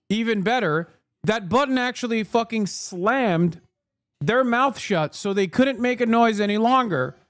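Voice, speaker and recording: A man's voice: sits high, no echo. Brash, profane male streamer. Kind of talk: casual profane livestream rant.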